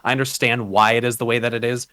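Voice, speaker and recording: A man's voice: mid-range voice, level tone, fast, bright, forceful tone, smooth, no room sound. A man chatting casually as a podcast guest and game streamer, rambling and swearing freely. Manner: rambling, loose and profane, with many restarts.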